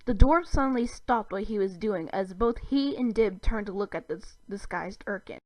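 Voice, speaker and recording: A woman's voice: mid-range voice, animated, normal speed, darkish tone, no echo, poor audio. A woman narrating a fan fiction story in a plain storybook manner. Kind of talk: reading fan fiction aloud.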